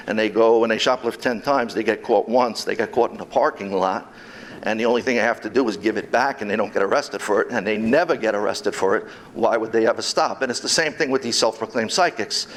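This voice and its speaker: A man's voice: mid-range voice, slight background noise. A man, a former police officer turned private investigator, giving a convention talk and telling stories of his cases with lots of quoted dialogue. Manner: animated storytelling, quotes others in dialogue. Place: convention hall.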